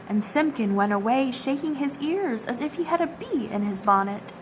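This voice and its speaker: A woman reading a classic children's story aloud at a storytime, gentle and expressive. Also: high-pitched, normal speed, few pauses, slight background noise, poor audio. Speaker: storytime reader.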